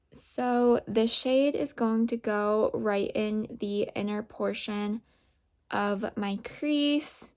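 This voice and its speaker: A woman beauty vlogger narrating a makeup tutorial, calmly explaining each step. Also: medium pitch.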